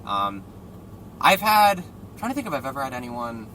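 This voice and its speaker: A young man, a comedian, chatting casually in a moving car, telling animated stories, acting out quotes and swearing freely. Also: medium pitch, normal speed. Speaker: stand-up comedian guest. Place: inside a car driving through a city. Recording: car and road noise.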